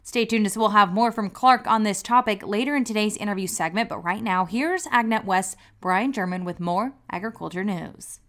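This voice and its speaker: A woman hosting a farm news radio show, reading scripted news in a brisk, upbeat announcer style. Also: medium pitch, fairly bright tone.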